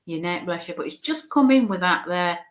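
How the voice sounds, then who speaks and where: A woman's voice: on the low side, expressive, brisk. Chatty, reassuring woman giving a spirit reading. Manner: chatty and reassuring, full of "okay" and "bless you"; thinks aloud while relaying spirit messages. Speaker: spirit medium. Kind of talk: live mediumship reading.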